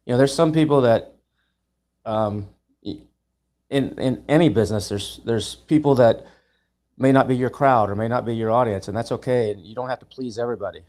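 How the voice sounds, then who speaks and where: A man on a live video call, telling long stories in a casual, animated way, restarting and repeating words and acting out what people said. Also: mid-range voice, a little fast. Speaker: guest speaker, event founder.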